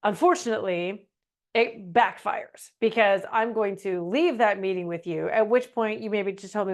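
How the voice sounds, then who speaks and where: A middle-aged woman presenting a webinar in a casual, animated teaching style, slipping into meek voices for examples. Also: medium pitch, moderate pace. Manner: animated, acts out quoted phrases in a meek voice.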